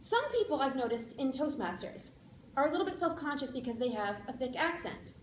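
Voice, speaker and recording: A woman giving a playful, upbeat speech of practical advice to a speaking club, with emphatic slowed-down lines. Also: sits high, very animated. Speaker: public speaker. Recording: echoey room, faint background noise.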